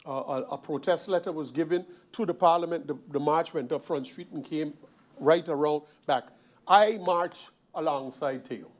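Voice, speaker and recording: A man from Sint Maarten delivers a parliamentary speech in a high-pitched voice. He hammers his points home, repeating phrases and firing off rhetorical questions in the chamber. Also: steady tone, a little fast. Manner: emphatic, repetitive, forceful rhetorical questions. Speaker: member of parliament.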